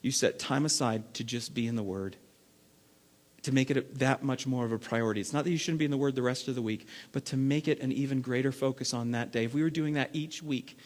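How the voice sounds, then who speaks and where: A man preaching a sermon as lead pastor, acting out everyday scenes and swinging between loud bursts and hushed stretches. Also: mid-range voice, fairly quick. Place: church sanctuary. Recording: long reverb of a large hall.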